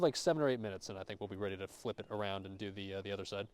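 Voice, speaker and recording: A man's voice: lowish voice, fairly even intonation, fast talker, a little mellow. A young American man casually chatting and cooking at an outdoor campground, joking, swearing loosely and thanking his chat. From United States. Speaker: streamer.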